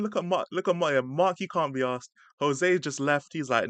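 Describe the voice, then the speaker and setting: A man's voice: on the high side, moderate pace, fairly bright tone, no room sound. Laid-back young man streaming. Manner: laid-back slang-heavy chat, laughing often. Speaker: stream host reacting to a clip. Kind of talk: casual live-stream reaction.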